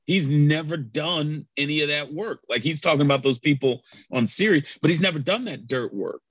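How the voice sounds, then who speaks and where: A man's voice: a little high, moderate pace, breathy edge, dry recording, lo-fi sound. A man in a casual podcast chat, explaining background from the books in a talkative way. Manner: chatty, explains book background. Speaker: podcast co-host.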